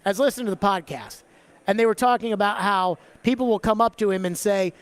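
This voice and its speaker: A man hosting a sports talk radio show, talking in an animated, chatty way. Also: high voice, fast, no echo. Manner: animated, slips into an exaggerated Southern drawl for bits. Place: radio studio.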